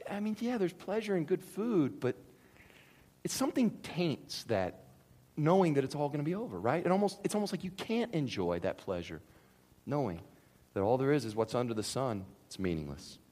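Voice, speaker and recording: A man preaching a sermon, animated and conversational, acting out the voices of imagined people. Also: fairly low pitch, in a large hall. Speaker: pastor.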